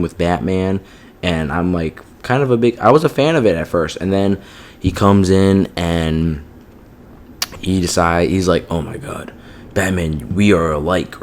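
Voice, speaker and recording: A man with a deep voice delivers a rambling spoken rant about a show. He swears often and keeps checking in with "you know what I mean", sounding fed up throughout. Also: a little mellow. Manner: profane and exasperated, heavy use of "like" and "you know what I mean". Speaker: TV show reviewer. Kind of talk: casual ranting review.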